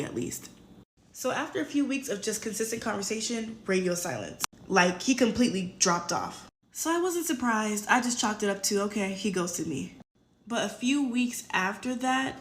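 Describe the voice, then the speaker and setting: A woman telling a storytime vlog, measured and earnest, building emphasis as she goes. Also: fairly high pitch, a bit bright, a little hiss or hum. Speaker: storytime creator.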